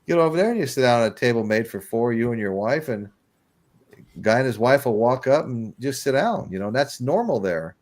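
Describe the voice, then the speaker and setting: A man's voice: medium pitch, expressive, fairly quick, a little mellow. A middle-aged man hosting a casual live-stream chat, a rambling storyteller who laughs often. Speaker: host.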